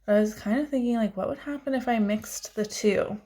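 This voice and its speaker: A woman's voice: a little high, a little fast, warm tone. A young adult woman vlogging in a casual, chatty and self-deprecating way, laughing often as she goes through her makeup drawer. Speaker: beauty vlogger. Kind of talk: casual chat.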